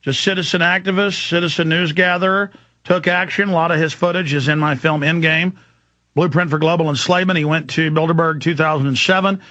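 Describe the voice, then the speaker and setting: A man's voice: fairly high pitch, steady tone, fairly quick, sharp tone, no echo, dull audio. A man hosting a radio talk show, rambling through an emphatic story in a monologue.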